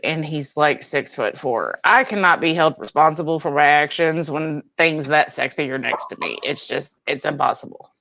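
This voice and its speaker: A woman's voice: low-pitched, moderate pace, gravelly, few pauses, a bit bright. A woman co-hosting a casual podcast, playful and bawdy in her teasing. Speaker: podcast co-host. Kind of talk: casual crude banter. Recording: dull lo-fi audio.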